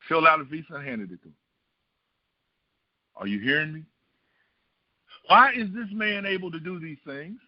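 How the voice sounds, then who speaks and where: Middle-aged preacher with a higher voice. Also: male voice, animated, normal speed, pauses often, no room sound, lo-fi sound. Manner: asks the congregation rhetorical questions. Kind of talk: storytelling sermon.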